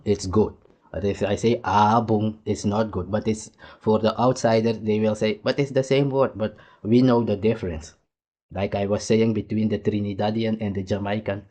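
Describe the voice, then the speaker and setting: A man's voice: lowish voice, mellow. A man from Suriname, giving casual, rambling reaction commentary that often drifts and trails off. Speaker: host reacting to a clip.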